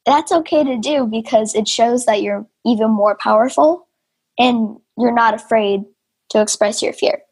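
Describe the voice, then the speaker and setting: A woman interviewing a father and son, asking gentle, encouraging questions in a casual chat. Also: on the high side, normal speed, breathy edge.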